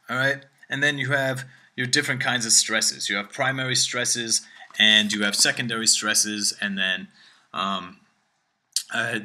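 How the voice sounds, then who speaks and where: A man teaching a language lesson, checking in with "all right?" after nearly every phrase and slowing down to demonstrate words. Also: mid-range voice, pushed and bright.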